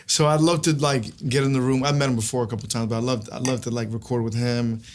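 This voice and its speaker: A man's voice: medium pitch, fairly even intonation, fast talker, slight background noise. A man guest on an interview show, talking loosely and chattily with lots of restarts. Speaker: guest singer. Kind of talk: casual interview chat.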